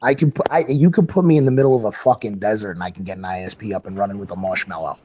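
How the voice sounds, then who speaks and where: A man's voice: on the low side, rapid-fire, mellow, muffled recording, a little hiss or hum. A man from New York in a casual podcast chat, swearing freely and repeating words as he talks. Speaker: podcast co-host.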